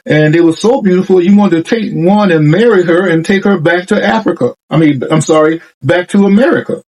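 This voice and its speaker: A storytelling man gives a patient passerby who calmly explains a misunderstanding. The voice stays high and plain, close to the teller's own. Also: a little fast, rough recording. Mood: explaining. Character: helpful English-speaking Chinese man, explaining calmly.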